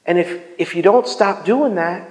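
Man doing a divine voice: hushed, low, tender, heard in a roomy hall. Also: normal speed, natural voice. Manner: soft and tender. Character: gentle loving male divine voice.

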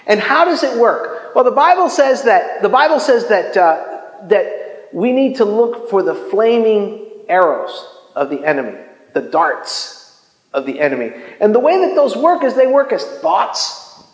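Male preacher, high voice, loose and chatty delivery with stammered restarts; roomy hall with long reverb. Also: measured pace. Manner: casual, animated, with many stammered restarts. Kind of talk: informal sermon.

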